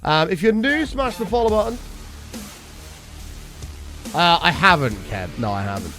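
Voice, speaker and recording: Sweary streamer man, lively voice. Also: sits high, a little slow, faint music behind. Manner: rambling, sweary storytelling. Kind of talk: casual livestream chat.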